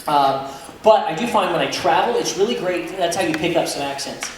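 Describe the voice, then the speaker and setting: A man's voice: fairly high pitch, animated, fairly quick, slight background noise. A man speaking as a guest voice actor at a convention panel, chatty and laughing often. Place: convention hall. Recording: echoey hall from far off, crowd ambience.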